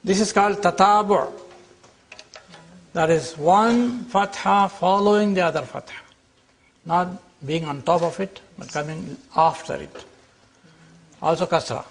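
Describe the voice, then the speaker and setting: A man teaching a class, explaining slowly and checking that his students follow. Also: sits high, creaky. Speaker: Arabic teacher. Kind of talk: classroom lecture.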